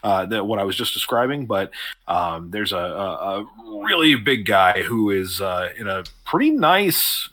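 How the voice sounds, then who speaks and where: A man runs a tabletop game, narrating scenes in a low, bright voice. He rambles through his descriptions, full of ums and restarts, in casual talk. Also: expressive, unhurried. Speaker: game master.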